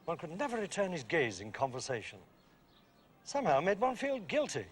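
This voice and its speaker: An actor playing a dry, worldly older barrister in a film, speaking in a wry, clipped drawl. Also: male voice, a little high, huge pitch swings, a little fast, slight background noise. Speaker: senior lawyer.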